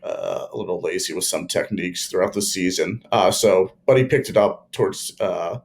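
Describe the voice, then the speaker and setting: A young man co-hosting a casual sports chat, measured and opinionated with many fillers. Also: low voice, a little mellow. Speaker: podcast co-host.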